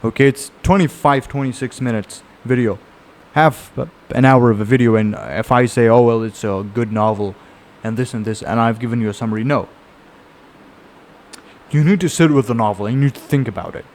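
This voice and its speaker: A man's voice: medium pitch, a little fast. Rambling man summarizing a novel. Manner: rambling, conversational storytelling with frequent fillers and restarts. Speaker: book reviewer. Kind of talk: casual spoken book summary.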